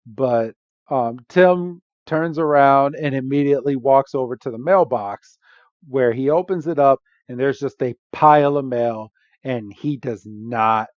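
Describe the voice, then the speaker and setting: A man's voice: mid-range voice, dry recording. Chatty man recapping a movie. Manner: chatty, laughs often, acts out quotes. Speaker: podcast co-host. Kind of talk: casual movie recap chat. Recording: dull lo-fi podcast audio.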